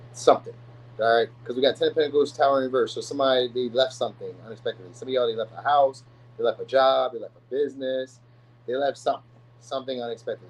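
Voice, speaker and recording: Fast-talking man giving a tarot reading. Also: medium pitch, darkish tone, poor audio. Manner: rambling, slangy, lots of fillers and restarts. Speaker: tarot reader. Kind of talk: casual tarot reading to viewers.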